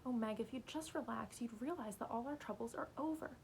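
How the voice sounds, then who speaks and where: Woman reading as an eerily calm possessed boy. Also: on the high side, a little fast, gravelly, a little hiss or hum, poor audio. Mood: eerie calm. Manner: bland, reasonable, coaxing. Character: boy spoken through by an alien, eerily calm.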